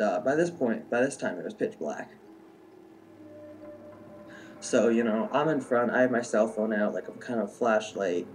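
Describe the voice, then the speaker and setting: A man's voice: lowish voice, a little mellow, slight background noise. A young adult man telling a personal story in a casual, rambling way, full of "like" and "um". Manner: rambling, heavy use of "like" and "um".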